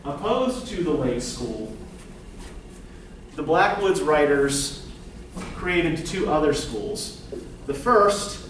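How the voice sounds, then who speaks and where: A man's voice: fairly high pitch, sing-song, slow pace, long pauses, fairly bright tone, slight background noise. Echoey far-off male lecturer. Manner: conversational, many fillers and tag questions. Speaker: literature lecturer. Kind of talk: classroom lecture. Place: classroom. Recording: echoey classroom, mic far off.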